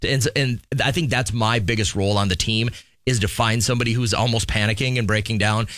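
A man's voice: on the low side, steady tone, a little fast, a bit bright, dry recording, studio quality. A middle-aged man co-hosting a casual chat show, easygoing and rambling as he talks about coaching. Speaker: co-host and football coach.

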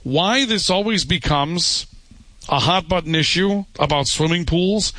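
Blunt talk radio host, dry studio sound. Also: male voice, sits high, a little slow, pushed and bright, no room sound. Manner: opinionated, blunt, wry. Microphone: studio microphone.

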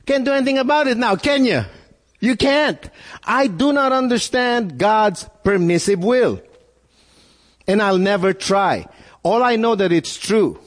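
A man's voice: high-pitched, expressive, unhurried. A man preaching a sermon as pastor, earnest and full of rhetorical questions, often repeating words as he builds a point. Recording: long reverb in a hall.

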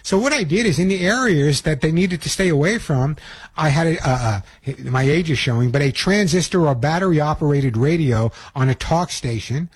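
A middle-aged man with a New York accent hosts a call-in pet radio show. His husky, slightly high voice rolls along in an upbeat, chatty way full of restarts and asides. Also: lively intonation, normal speed.

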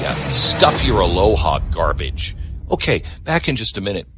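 A man hosting a radio talk show, ranting sarcastically in an animated monologue from the studio. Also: lowish voice, moderate pace, gravelly, music in the background.

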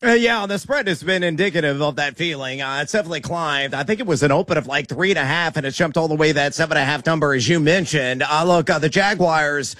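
A man co-hosting sports radio, giving measured analysis with data and frequent uhs. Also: a little high, pushed and bright, no echo.

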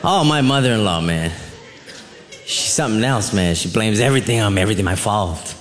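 A man doing a stand-up comedy routine, animated and laughing as he acts out his family members. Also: fairly low pitch, brisk, over music. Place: comedy club stage. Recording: live club with audience laughter and crowd noise.

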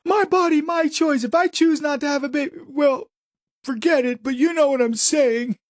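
A man mimicking a whiny activist in a high, sing-song, mocking voice. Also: moderate pace, no echo, clean studio sound.

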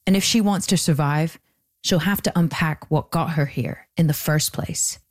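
A woman hosting and narrating a true-crime documentary podcast in a measured scripted read. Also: low-pitched. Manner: measured, even delivery.

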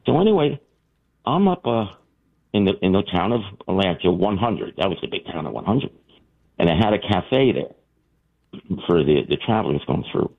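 Over a tinny phone line, a man calls in to a late-night radio show to tell an anecdote animatedly, full of restarts and asides, voicing the people in his story. His voice is low and creaky, at a moderate pace with frequent pauses.

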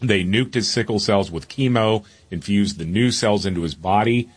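A man co-hosting a talk radio show, reading news stories in a relaxed way with filler "uh"s. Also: on the low side, moderate pace, slightly rough. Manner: relaxed, fills with "uh".

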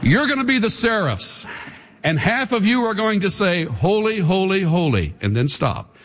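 Husky preacher in a reverberant hall. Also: male voice, high-pitched, big pitch swings, moderate pace, fairly bright tone. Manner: dramatic, leads the congregation in call and response. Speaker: pastor. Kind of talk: sermon. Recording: reverberant hall with faint music.

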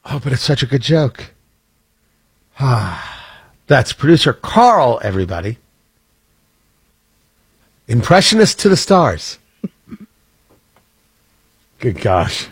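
A man's voice: medium pitch, very animated, slow pace, pauses often, slightly rough. A male radio host talking in loose, jokey on-air banter, laughing often and mocking himself.

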